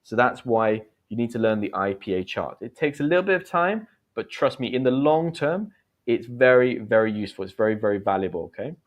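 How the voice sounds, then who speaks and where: A man's voice: medium pitch, animated, fairly quick. A man, teaching and chatting on a livestream in a chatty, encouraging way. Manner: chatty, encouraging, reads out comments. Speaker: English teacher hosting a livestream. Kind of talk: live-stream chat and teaching.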